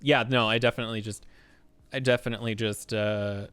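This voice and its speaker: A man's voice: on the low side, steady tone, fairly quick, fairly bright tone, clean tone, no echo, faint music behind. A man streaming a life-sim game, rambling and thinking aloud with lots of fillers, his voice a little worn from talking long. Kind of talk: casual gameplay commentary.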